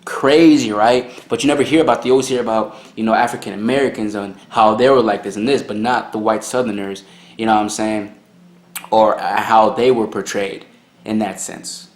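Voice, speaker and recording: A young man hosting a reaction video, talking casually in an excitable, rambling, slangy way. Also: fairly low pitch, normal speed. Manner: excitable, rambling, slangy, lots of "you know what I'm saying". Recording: roomy, echoey room.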